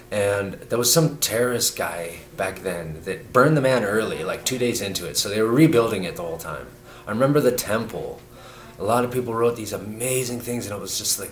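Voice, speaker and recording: A man in his thirties talking in a rambling, earnest spiritual monologue, full of restarts and fillers. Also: lowish voice. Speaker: vlogger. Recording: echoey room with faint noise.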